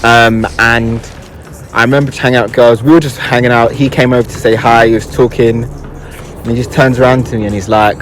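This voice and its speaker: A man's voice: medium pitch, level tone, a little fast, a little hiss or hum. A young adult man, a guest telling a personal story in a casual, reflective and hesitant way, often searching for words.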